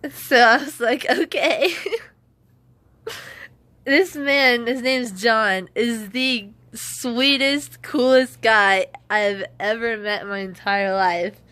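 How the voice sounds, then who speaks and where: Slow-talking, gushing woman hiker. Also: fairly high pitch, steady tone, sharp tone, clean tone. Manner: gushing and rambling, laughs often. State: exhausted and emotional. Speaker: long-distance hiker. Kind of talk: casual vlog, talking to camera. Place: indoors in a half-built hiker shelter.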